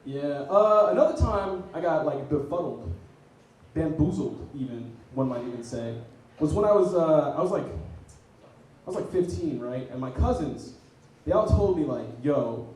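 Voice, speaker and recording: A man's voice: a little high, animated, moderate pace, darkish tone, far from the mic. A young man doing a stand-up comedy set and hosting, telling self-mocking stories and laughing at his own jokes. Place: student comedy night venue. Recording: very echoey room, mic heard from afar, faint noise.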